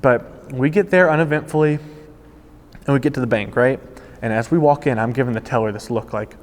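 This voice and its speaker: Male storyteller, former car salesman, animated delivery, ordinary middle register, recorded with long reverb. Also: medium pitch, brisk. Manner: animated storytelling, voices quoted people. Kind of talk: casual spoken anecdote.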